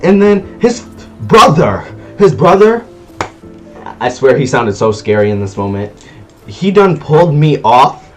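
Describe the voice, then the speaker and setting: A man telling a personal story in a casual vlog, animated and slangy, acting out sounds as he goes. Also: on the high side, unhurried, long pauses, soft background music. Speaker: vlogger.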